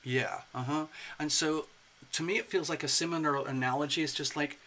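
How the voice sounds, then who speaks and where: A man giving a casual spoken tarot reading in an expressive, playful way, slipping into acted asides. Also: on the high side, moderate pace. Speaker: tarot reader.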